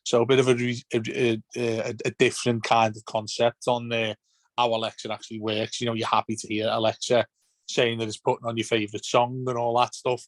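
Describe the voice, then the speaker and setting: A man's voice: medium pitch, level tone, fairly quick, no echo. A man chatting on a casual podcast, rambling and restarting his sentences. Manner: rambling, repeats words when starting sentences. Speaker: podcast guest.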